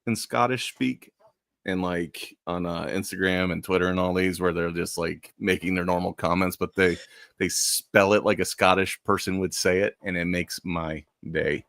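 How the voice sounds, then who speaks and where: A man's voice: low-pitched, steady tone, normal speed, vocal fry, a bit bright, no echo. A man co-hosting a live stream in casual chat, with dry sarcastic remarks.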